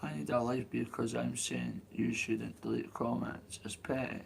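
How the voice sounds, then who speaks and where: A hoarse adult man with a Dundee Scottish accent, chatting on a livestream in a rambling, sweary way. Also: mid-range voice, level tone, moderate pace, a little hiss or hum, rough recording. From Dundee, Scotland. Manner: swears freely, restarts often. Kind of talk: rambling casual livestream chat.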